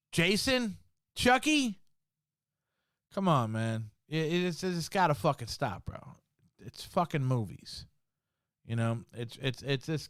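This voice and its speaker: A man hosts a podcast alone and rants hard, swearing often and saying the same point again and again. His voice is smooth and resonant and sits a little high for a man. The sound is dry and close, with no room around it. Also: no room sound. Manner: heated, swearing, repeats himself. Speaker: podcast host. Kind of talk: profane solo rant.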